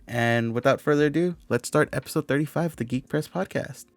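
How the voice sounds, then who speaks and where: A man hosting a podcast in casual chat, relaxed and jokey, rambling a little as he talks. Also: medium pitch, brisk, vocal fry, no room sound, faint music behind. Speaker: podcast host.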